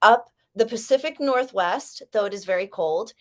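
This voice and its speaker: A woman's voice: medium pitch, lively intonation, normal speed. A young woman from San Diego chatting casually with live viewers during a writing sprint stream, rambling and reading out comments. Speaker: livestream host.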